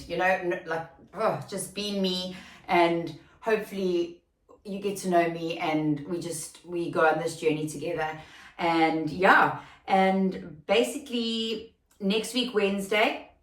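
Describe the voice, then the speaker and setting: A woman's voice: fairly low pitch, echoey room, far from the mic. A woman hosting a casual solo podcast, chatty and rambling with many fillers and restarts, recorded without proper podcast gear. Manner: grows emotional and excitable near the end. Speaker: podcast host and recruitment company founder. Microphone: no proper podcast mic, recorded without studio gear.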